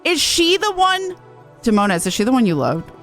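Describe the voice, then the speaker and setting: A woman streamer chatting casually while she plays, rambling and correcting herself as she goes. Her pitch moves a lot, and faint music plays under her talk. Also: very animated, moderate pace, a bit bright. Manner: rambling, self-correcting, laughs easily. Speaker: game streamer. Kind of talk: casual gameplay chat.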